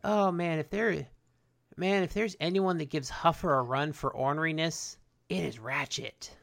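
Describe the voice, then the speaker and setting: A man's voice: fairly high pitch, moderate pace, gravelly, a bit bright. A man co-hosting a casual recap chat, laid-back, swearing and acting out lines from the episode. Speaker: podcast co-host.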